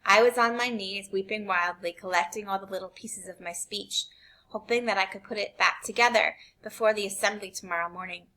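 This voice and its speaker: A woman reading a novel aloud in an expressive way, shifting between quiet and intense passages. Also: mid-range voice, fairly quick. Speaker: reader.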